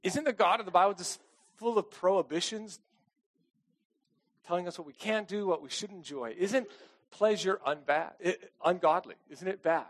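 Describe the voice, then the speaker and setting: Speaking at normal speed in a high-pitched voice, a middle-aged man preaches a chatty, self-deprecating sermon as a pastor, repeatedly checking in with the congregation by asking "okay?".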